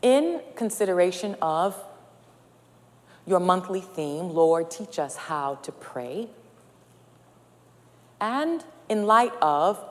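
A woman preacher delivering a sermon at a slow, measured pace. She speaks in rhythmic, rhetorical repetitions that build in intensity. Her voice carries with the long reverb of a large church sanctuary. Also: lowish voice, very animated.

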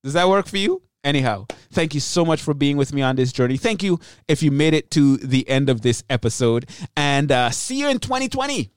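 A man hosting his own podcast in an energetic, rambling way, often cutting himself off mid-thought. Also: on the high side, brisk, clean tone, no room sound, clean studio sound. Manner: energetic, rambling, self-interrupting. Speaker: podcast host. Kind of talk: solo podcast monologue.

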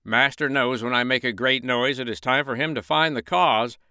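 A man voicing a boastful, strutting male rooster in a storybook reading, bragging loudly and pompously. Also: mid-range voice, fairly even intonation, moderate pace, clean tone, dry recording, studio quality, voice pushed up.

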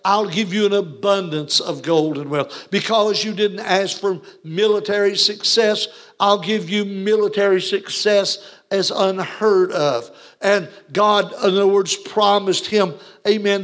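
A man preaching a Christmas sermon, quoting scripture and adding frequent amens as he addresses viewers. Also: high-pitched. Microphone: broadcast to viewers.

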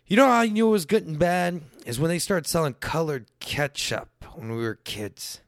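Young male comic, around thirty, wild pitch swings, crude rant, dry close mic. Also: moderate pace, no echo. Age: late 20s to early 30s. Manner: profane, animated, swings between shouting and muttering. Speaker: comedian. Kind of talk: stand-up style rant.

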